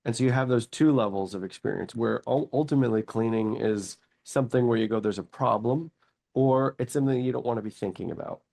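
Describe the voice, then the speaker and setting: A man in his forties, a company chief executive, telling his story in a casual interview with lively anecdotes and quoted thoughts. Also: mid-range voice, fast, gravelly, few pauses. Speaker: company CEO, guest.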